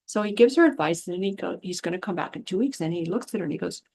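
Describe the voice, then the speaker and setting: Speaking very fast, this woman has a voice on the low side that is expressive, gravelly, a little mellow and slightly rough. As an animal communicator and spiritual healer, she rambles casually and frankly, slipping into different voices for quotes, with exasperated comments along the way.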